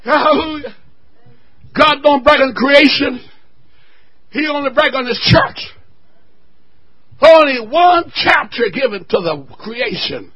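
High, bright, shouting pastor. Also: male voice, lively intonation, takes it slowly, long pauses, poor audio. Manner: shouting, crying-out preaching with vocal whoops; drops to quiet asides and jokes between climaxes. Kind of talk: sermon.

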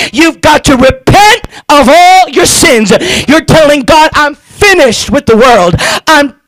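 Man preaching, very high voice, dry close sound, fervent, call-and-response, shouting peaks. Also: dry recording, rough recording. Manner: shouts at peaks, drawn-out emphatic phrases. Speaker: pastor. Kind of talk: sermon. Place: church.

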